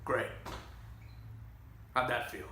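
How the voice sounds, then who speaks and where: A man acting out an offbeat casting director giving rambling, filler-heavy directions. His voice is bright and edgy and his pace is slow. The room echoes, with a faint hiss behind. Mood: offhand. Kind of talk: comedy sketch acting.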